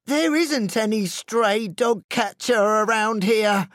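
A man voicing a rough, tough, free-spirited male city dog in a storybook read-aloud, with a brash, boastful manner. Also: high-pitched, slow pace, fairly bright tone, dry recording, studio quality, voice pushed up. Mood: defiant.

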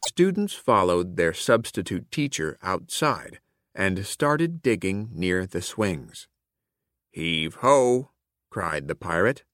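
A man reading a children's picture book aloud in a clear, expressive way, including its classroom activity prompts. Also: low-pitched, slow, no room sound, studio quality. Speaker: storybook reader. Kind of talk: read-aloud children's story narration.

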